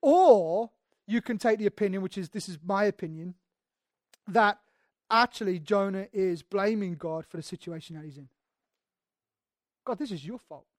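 A preacher giving an expository sermon in a conversational, emphatic way, often restarting phrases and acting out quoted speech with sudden swings in loudness. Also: medium pitch, moderate pace, dry recording, clean studio sound. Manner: acts out quoted speech with sudden shifts in volume.

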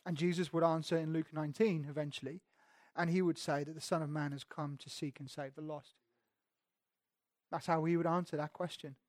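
A man's voice: fairly high pitch, fairly even intonation, brisk, a little mellow, no echo, studio quality. A man preaching a sermon in a conversational teaching manner, speaking directly to his listeners.

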